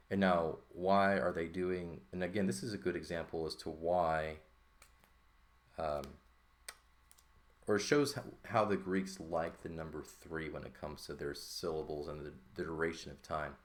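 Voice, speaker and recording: Male teacher, extremely deep voice, patient explainer who checks in with the class. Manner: explanatory, checks in with "right?" often. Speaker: Greek teacher. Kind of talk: explaining at a board.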